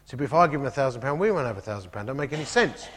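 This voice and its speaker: A man, a pastor telling stories from the pulpit with comic asides and lively storytelling. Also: medium pitch, rapid-fire. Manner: animated anecdotal, comic asides. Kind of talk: storytelling sermon. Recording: echoey hall.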